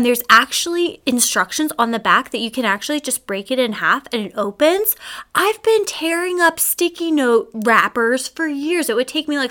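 A woman's voice: high-pitched, bright, forceful tone. A young woman hosting a casual solo podcast, ranting in a sassy, exasperated way with plenty of rhetorical questions. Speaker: podcast host.

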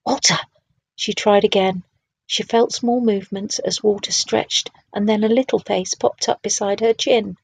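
Husky-voiced woman reading a storybook. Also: mid-range voice, steady tone, normal speed, low-quality recording. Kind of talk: reading a children's book aloud.

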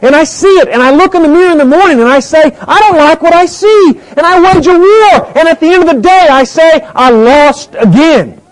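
A male pastor preaching a sermon, emphatic, moving between quiet stretches and loud rising points. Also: very high-pitched, a little fast, hardly any pauses, poor audio.

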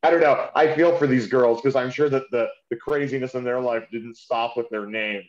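Podcast co-host, adult man, mid voice, relaxed and wry, slightly muffled lo-fi mic. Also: medium pitch, moderate pace. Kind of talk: casual chat. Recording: slightly dull sound.

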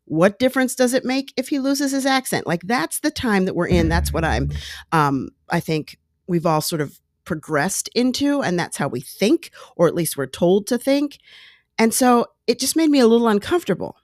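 A woman hosting a casual talk show, chatting in a digressive, animated way as she retells an old clip. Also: mid-range voice, moderate pace, no echo, studio quality. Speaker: podcast host. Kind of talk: casual monologue commentary.

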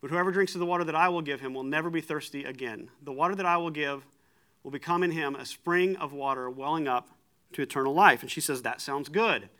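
A man, likely middle-aged, preaching a sermon in a conversational, animated way, retelling stories with frequent restarts. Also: a little high, fast.

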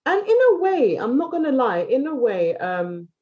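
A British woman with a high-sitting, very animated voice chats candidly and casually as a podcast guest. She talks openly and quickly, often restarting her phrases, and the sound is lo-fi.

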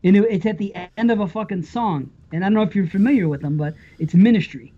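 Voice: mid-range voice, fast. Enthusiastic podcast co-host, lo-fi sound. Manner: enthusiastic, swears casually. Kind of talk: casual film discussion.

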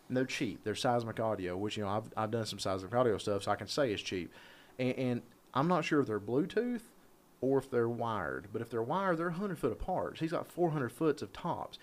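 A man telling a long, rambling story in casual podcast chat, animated and swearing freely. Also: mid-range voice.

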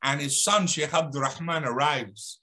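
A man telling a religious story as a guest speaker, animated and dramatic, building emphasis as he goes. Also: a little high, normal speed. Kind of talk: storytelling in an Islamic talk.

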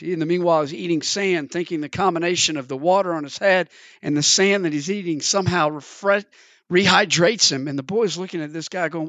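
A man's voice: brisk, a bit bright, no echo. A man preaching a sermon, telling a parable in an earnest storytelling manner. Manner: earnest, storytelling, acts out the characters in pitch.

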